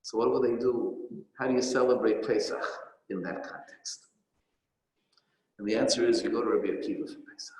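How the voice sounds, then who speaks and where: A man's voice: mid-range voice, a little mellow. A man, a rabbi, giving a Torah lecture, telling stories and explaining Hebrew and Aramaic phrases as he goes. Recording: echoey hall with long reverb.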